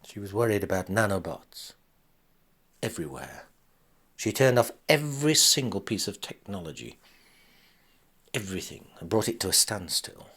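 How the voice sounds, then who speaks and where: Slow husky whispering male storyteller. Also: low-pitched, a bit bright. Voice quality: husky, often sinking to a whisper. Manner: slow, halting delivery with long pauses and sighing "oh"s. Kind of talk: slow dramatic story narration.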